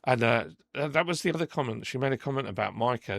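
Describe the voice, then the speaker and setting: Male podcast host, gravelly, dry close sound, animated and indignant storyteller. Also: medium pitch, fast, no room sound. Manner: animated, indignant retelling, acting out quotes. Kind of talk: casual storytelling.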